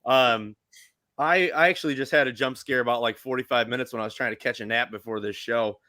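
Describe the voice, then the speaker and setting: A man's voice: medium pitch, a little fast, pushed and bright, no room sound. A father guesting on a casual podcast, telling a rambling story full of fillers. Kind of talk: casual chat.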